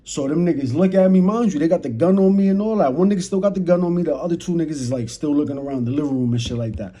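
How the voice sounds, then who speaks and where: A man's voice: on the high side, rapid-fire. A young man with a New York accent telling a casual storytime in slang, talking straight to his chat and acting out the moments. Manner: slangy, talks to chat, animated retelling. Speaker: storyteller vlogger. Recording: noisy background.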